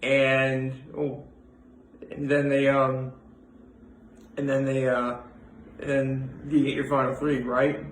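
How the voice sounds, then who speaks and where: A man's voice: medium pitch, completely flat delivery, slow, pauses often, slight background noise. Rambling young man in an echoey room. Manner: rambling, many fillers and restarts. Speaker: vlogger. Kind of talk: casual daily vlog talk.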